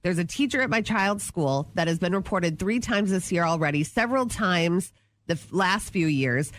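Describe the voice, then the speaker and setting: A woman's voice: lowish voice, lively intonation, normal speed. A woman co-hosting a radio show, chatting casually and gossiping with energy. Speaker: radio co-host. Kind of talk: casual morning radio banter.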